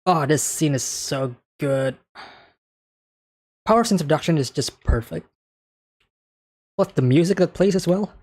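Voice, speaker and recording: Husky-voiced man musing over an anime. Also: a little high, lively intonation, unhurried, long pauses, darkish tone. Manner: thinking aloud, often tagging points with "right?". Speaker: anime reaction host. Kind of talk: casual episode commentary.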